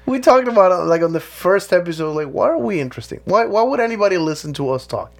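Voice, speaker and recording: Gravelly man swearing through casual chat. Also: sits high, fast talker. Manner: laughs often, swears freely, animated bursts. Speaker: podcast co-host.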